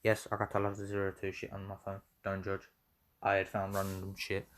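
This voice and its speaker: A man's voice: sits low, monotone, brisk, a bit bright. A young man retelling a fan story in a rambling, self-correcting way, swearing freely as he goes. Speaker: vlogger.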